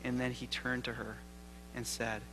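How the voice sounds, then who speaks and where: A man delivers a keynote at a church gathering, part storytelling and part sermon, ending in prayer. His voice is bright and forceful, and he moves from loud emphasis to quiet, close passages. A faint electrical hum sits under the recording. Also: mid-range voice, level tone, normal speed, poor audio. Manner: earnest, swings from loud emphasis to hushed intimacy. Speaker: seminary professor giving a keynote. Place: lecture hall at a church convocation.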